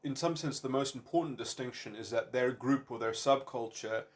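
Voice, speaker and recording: Guy thinking out loud about big ideas, lots of uhs and restarts, ordinary middle pitch. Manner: halting, searching for words, many fillers and repeated starts; abstract, wordy phrasing. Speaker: commentator. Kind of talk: unscripted philosophical monologue.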